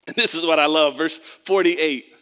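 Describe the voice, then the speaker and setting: A man preaching with a high, bright voice that carries well. He talks to the congregation in a conversational way, building to loud, driving emphasis and then dropping to quiet, low passages. He acts out the people in his story in a casual voice. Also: normal speed, smooth, big-room sound. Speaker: pastor. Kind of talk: sermon.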